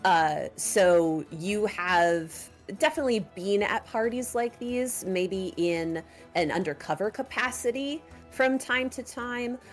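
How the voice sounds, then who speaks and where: A woman running a tabletop game as game master, with measured storytelling narration. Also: medium pitch, expressive, faint music behind.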